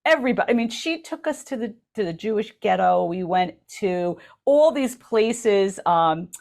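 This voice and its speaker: Gravelly, chatty woman radio co-host. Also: mid-range voice, lively intonation, a little slow, darkish tone. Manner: chatty, enthusiastic storytelling with many ums. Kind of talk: casual chat. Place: radio studio.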